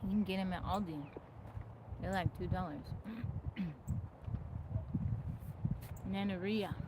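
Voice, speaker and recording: A woman's voice: fairly low pitch, fairly even intonation, takes it slowly, noisy background. A woman hosting a casual live stream, chatting and greeting viewers by name from her home in the woods. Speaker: livestream host.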